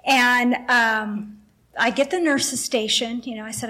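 A woman's voice: fairly high pitch, steady tone, a little slow, pushed and bright. A middle-aged woman sharing an emotional, rambling personal testimony with a faith group, acting out the dialogue as she tells it.

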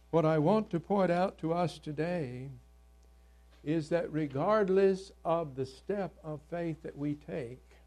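Male preacher, high voice, unhurried sermon delivery with scripture readings. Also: warm tone. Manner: earnest preaching with scripture readings, occasional halting restarts.

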